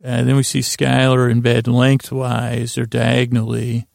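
Gravelly man, flat delivery, halting bedtime recap with dry asides, close and dry. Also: mid-range voice, no room sound. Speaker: podcast host retelling a TV episode as a bedtime story.

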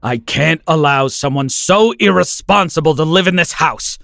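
A man voicing an angry middle-aged father who speaks slowly and harshly. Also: on the high side, gravelly, a bit bright, dry recording, clean studio sound. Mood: furious. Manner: slow, harsh, emphatic.

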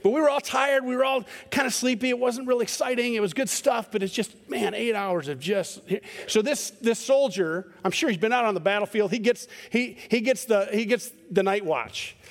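A middle-aged male pastor preaches in a relaxed, conversational way, weaving anecdotes and lightly poking fun at himself. His voice sits fairly high for a man. The sound carries a long reverb, as if spoken from the front of a church sanctuary. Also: normal speed, gravelly, few pauses. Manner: conversational and self-deprecating, acting out voices in stories. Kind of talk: sermon with storytelling.

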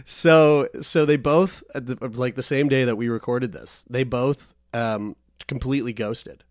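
Man, podcast co-host, reading emails, swears a lot, laughs easily, mid-pitched, dry close mic. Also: steady tone, unhurried, dry recording. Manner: swears freely, self-mocking, laughs often. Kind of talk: casual chat reading listener emails.

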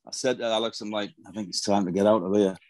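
A man's voice: fairly low pitch, fairly even intonation, quick pace, a little mellow, no echo. A middle-aged man, a former footballer telling profane anecdotes in a casual interview. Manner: profane, storytelling, swears constantly.

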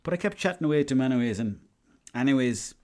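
An Irish man in his young adult years talks through a casual solo podcast story. He rambles, swears freely, and drops into quick quoted lines from the people he met. His voice sits at an ordinary middle pitch for a man. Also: animated, a little mellow. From Ireland. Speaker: podcast host.

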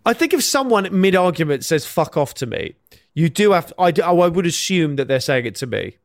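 Comedy podcast guy, teasing and a bit sleepy, slightly high voice, dry mic. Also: big pitch swings, brisk, no echo. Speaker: podcast co-host. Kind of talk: casual comedy chat.

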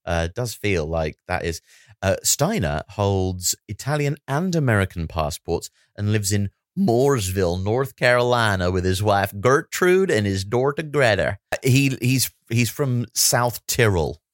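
Wry man, deep voice. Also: very animated, measured pace, no echo, clean studio sound. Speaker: podcast co-host. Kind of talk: casual comic chat.

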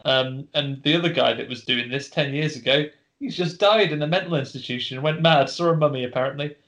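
A man's voice: a little high, fairly quick, a bit bright, rough recording. A man co-hosting a casual podcast, chattily retelling a film's plot. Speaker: podcast co-host. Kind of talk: casual film recap.

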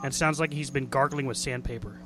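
A man's voice: mid-range voice, steady tone, fairly quick, noisy background. A man hosting a wrestling radio show, chatting casually in a jokey, rambling way and laughing easily. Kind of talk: casual chat.

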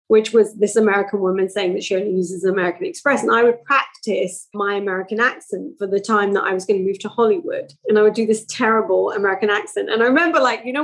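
A woman's voice: mid-range voice, poor audio. Chatty woman guest. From England. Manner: animated, chatty storytelling. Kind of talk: podcast interview.

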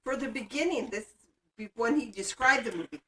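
A woman's voice: fairly high pitch, expressive, brisk, a bit bright, slight background noise. Woman, co-host, casual movie chat, blunt, argues her point. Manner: blunt, argumentative.

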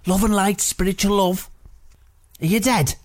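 A man's voice: high-pitched, fairly even intonation, a little slow. A man playing a crude, boastful fake psychic in improvised comedy, swearing freely. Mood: brash, crude. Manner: swearing, brash, mock-mystical. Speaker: comic psychic character.

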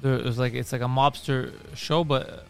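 A man's voice: medium pitch, steady tone, moderate pace, gravelly, darkish tone, smooth, faint music behind. A man co-hosting a podcast, chatting casually and teasing his co-host. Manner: teasing, steering the talk. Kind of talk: casual chat.

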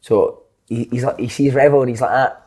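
A man's voice: mid-range voice, fairly even intonation, fairly quick, darkish tone, husky. A man, a former footballer, co-hosting a podcast and telling sweary stories in casual banter. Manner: swearing storyteller, acts out quotes.

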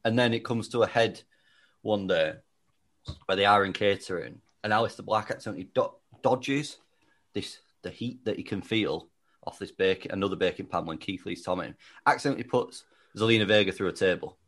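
Low-voiced man, casual rambling storyteller. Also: brisk, a bit bright. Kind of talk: casual chat, pitching a wrestling storyline.

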